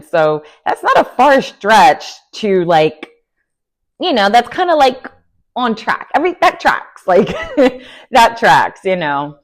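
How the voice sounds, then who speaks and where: A woman casually recapping a reality TV episode, chatty and animated, with lots of fillers and laughing asides. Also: a little high, takes it slowly. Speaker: recap vlogger.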